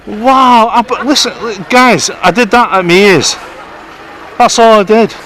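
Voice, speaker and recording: Man, fairly high voice, argumentative, repetitive, phone filming outdoors by a station. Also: a little slow, a bit bright, slight background noise, poor audio. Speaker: street filmer live-streaming police. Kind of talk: confrontational street filming. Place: outdoors on a town street by a railway station.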